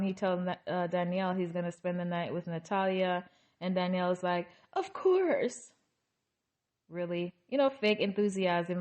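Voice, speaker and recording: A woman's voice: mid-range voice, a little mellow. A woman recapping a reality TV episode in a casual, opinionated way, breaking off into exasperated asides.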